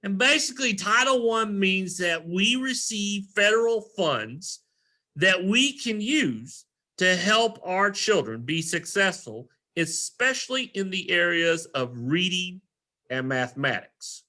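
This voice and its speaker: A man's voice: high voice, expressive, slow, bright, forceful tone. Earnest man addressing parents. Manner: earnest, repetitive, self-correcting. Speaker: elementary school principal. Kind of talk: recorded presentation to parents.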